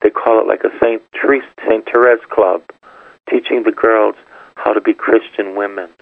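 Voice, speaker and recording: An older man, a parish priest, preaching a sermon in an emphatic, repetitive way, his voice gravelly and husky. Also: on the low side, fairly even intonation, moderate pace, no echo. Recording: tinny phone-like radio broadcast.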